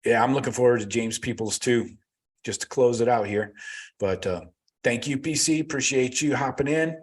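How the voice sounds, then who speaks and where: A man's voice: mid-range voice, normal speed, slightly rough. A man hosting a casual livestream, reading live chat comments aloud and rambling about them with loose, swearing banter.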